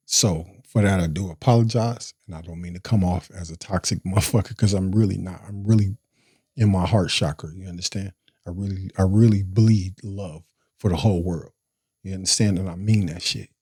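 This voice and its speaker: A man talks through his life story in a loose, streetwise way, cursing freely and checking in with "you feel me?" His voice is mid-pitched and mellow. The sound is dry and close, with no room echo. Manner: profane, streetwise, keeps asking "you feel me?"; breaks into laughter. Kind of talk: casual storytelling monologue.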